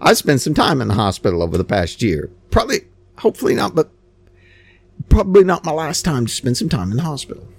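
A man's voice: a little high, big pitch swings, quick pace, creaky, breathy edge. A man giving a rambling, sarcastic opinion monologue, stammering and repeating himself. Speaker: commentator.

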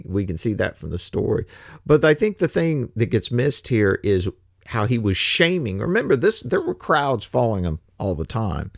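Male preacher, casual sermon, wry, lively swooping pitch, dry close sound. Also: gravelly, no echo. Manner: animated, wry, mixes scripture with slangy paraphrase.

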